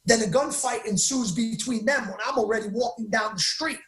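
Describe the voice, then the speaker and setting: A man as an interview guest, telling his story in an excitable, emphatic way and often cutting himself off mid-sentence. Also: extremely high pitch, a little fast, roomy sound.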